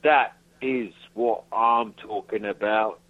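Male English caller, low voice, crude and singsong, dull phone-message sound. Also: steady tone, takes it slowly, no room sound. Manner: rambling, half-singing, crude.

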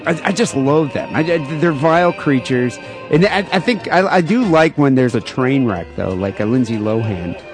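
A man's voice: medium pitch, normal speed, faint music behind. Irreverent male podcast co-host. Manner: animated, irreverent, often restarts. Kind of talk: casual chat. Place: home studio in LA.

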